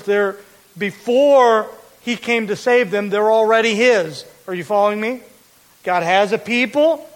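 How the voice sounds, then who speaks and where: A man preaching a sermon as pastor, explaining a verse with deliberate, emphatic repetition. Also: very high-pitched, a bit bright, poor audio.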